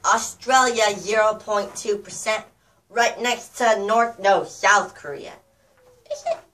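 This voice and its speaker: A woman's voice: medium pitch, takes it slowly, fairly bright tone. A woman from the United States vlogging outdoors in a casual, rambling way, joking and getting sidetracked as she greets her viewers. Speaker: YouTuber addressing viewers. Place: outdoors in the cold. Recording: distant mic with faint outdoor ambience.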